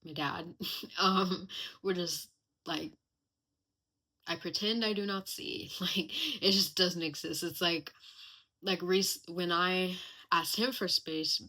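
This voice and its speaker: A woman's voice: lowish voice, fairly even intonation, slow, long pauses, pushed and bright. A young woman hosting a casual personal podcast, talking candidly and reflectively with lots of chatty fillers. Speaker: podcast host.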